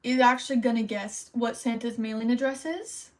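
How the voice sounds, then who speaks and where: A woman's voice: fairly high pitch, fairly even intonation, moderate pace, rough recording. A woman streamer hosting trivia in casual livestream chat, chatty and rambling, a little self-conscious.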